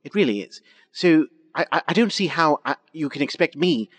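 A man's voice: on the high side, lively intonation, moderate pace, a bit bright. Stammering, aggrieved man in comedy chat.

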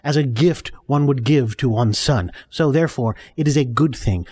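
A man's voice: medium pitch, normal speed, a little mellow, breathy edge, close to an everyday voice. A man doing a pompous, wordy heir. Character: pompous, earnest male heir, adult.

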